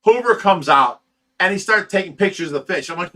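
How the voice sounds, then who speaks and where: A man's voice: sits high, expressive, fairly quick, pushed and bright. A man who runs a fish rescue, telling a story on a livestream in a heated, profane way and stammering over repeated words. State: sleep-deprived.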